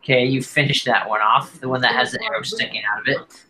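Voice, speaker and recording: A man narrating as dungeon master, talking slowly with many fillers. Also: mid-range voice, fairly even intonation, crowd noise, low-quality recording. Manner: slow, halting narration with fillers. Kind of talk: narrating a tabletop game. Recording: faint background noise.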